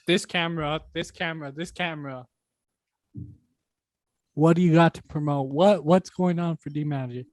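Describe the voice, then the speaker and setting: A man hosting a podcast, cutting in briskly and teasing his guests. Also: fairly high pitch, steady tone. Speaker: podcast host. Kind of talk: casual chat.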